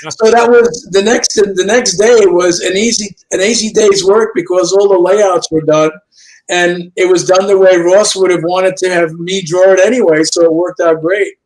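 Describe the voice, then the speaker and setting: Speaking at a normal pace through poor audio on a remote video call, an older comic book artist with a high voice tells stories as an interview guest on a chat show. He's a lively narrator who keeps voicing the people he quotes.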